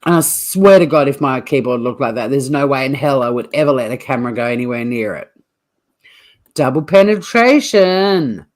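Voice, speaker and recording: A woman's voice: extremely low pitch, animated, moderate pace, a little mellow. An Australian woman hosting a livestream, giving chatty, blunt commentary with laughing asides. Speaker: livestream host. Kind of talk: casual live commentary.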